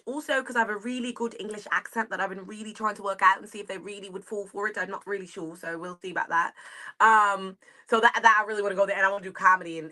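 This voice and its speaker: A comedian from the United States with a New York accent chats as a guest on a video-call interview, rambling and laughing easily. Her mid-range voice has a sharp tone.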